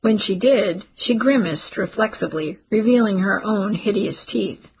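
A woman narrating a literary story in a steady audiobook reading. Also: mid-range voice, moderate pace, husky, poor audio.

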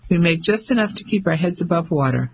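A woman's voice: on the low side, animated, quick pace, vocal fry, a little hiss or hum, poor audio. A man voicing a gossipy middle-aged landlady with a Cockney accent, homely and confiding. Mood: chatty.

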